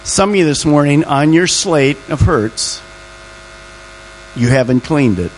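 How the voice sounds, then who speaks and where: A pastor preaching with emphatic, drawn-out words and a voice that swoops up and down. A faint electrical hum sits under the recording. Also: male voice, a little high, expressive, poor audio. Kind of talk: sermon.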